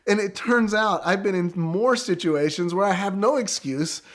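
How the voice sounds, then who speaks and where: A middle-aged man telling a story in a casual, animated way, with quick excited bursts. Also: sits high. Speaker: guest storyteller.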